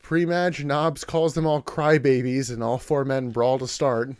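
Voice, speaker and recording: A man's voice: mid-range voice, flat delivery, a little slow, darkish tone, clean tone, no room sound. Chatty man recapping in a dry close voice. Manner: rambling, acts out voices, heavy "like" filler. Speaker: podcast co-host recapping wrestling. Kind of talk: casual chat recap.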